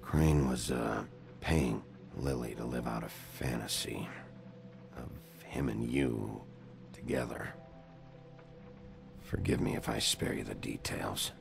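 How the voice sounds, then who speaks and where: Gravelly deep-voiced sheriff. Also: male voice, slow, exaggerated voice. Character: gruff weary male sheriff investigator. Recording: game audio with music behind.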